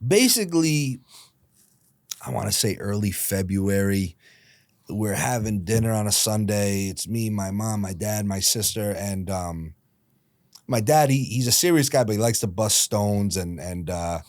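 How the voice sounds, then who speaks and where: A man in his late thirties recounts his story as a podcast guest, lively and quick with asides. He slips into the voices of the people he quotes. The sound is dry and close, with no room around it. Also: lowish voice, no room sound. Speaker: guest, hockey team founder.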